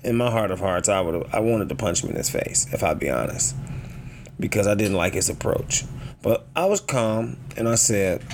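A man hosting a casual motivational podcast, talking in a joking, animated way and acting out the people in his stories. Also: mid-range voice, normal speed, slight background noise. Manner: joking, animated storytelling with quoted voices. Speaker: podcast host.

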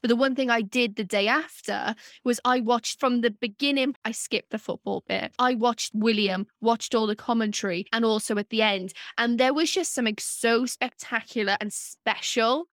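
Casting: woman with regional British accent, podcast co-host, fairly high voice, dry sound, teasing. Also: normal speed, few pauses, dry recording. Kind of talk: casual chat.

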